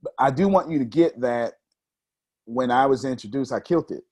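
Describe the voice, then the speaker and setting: A man, a professional speaker explaining his techniques to a group, talking deliberately with intentional pauses. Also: medium pitch, a little mellow, slightly rough.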